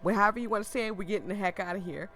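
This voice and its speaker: A woman reading a story game aloud, breaking off into excited, chatty asides, and losing her voice. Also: medium pitch, rapid-fire, faint music behind. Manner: excitable, chatty asides between read lines. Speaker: gaming streamer. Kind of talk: reading a visual novel aloud with live reactions.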